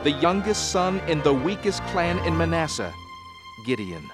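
A man narrating a Bible story for a children's cartoon in a steady storytelling way. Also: fairly high pitch, moderate pace, over loud music. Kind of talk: scripted narration.

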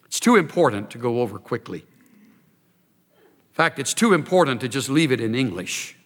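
A man delivers a sermon from the pulpit with lively, swinging emphasis. His voice is bright and fairly high for a man. It rings with a long reverb, as in a church sanctuary. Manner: animated, emphatic preaching with rising intensity. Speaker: preacher. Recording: reverberant hall.

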